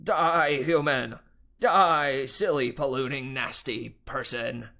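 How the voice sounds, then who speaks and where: A man voicing an excitable young satyr boy who shouts frantically while hooked on a video game. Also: mid-range voice, slow, vocal fry, exaggerated voice. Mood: frantic.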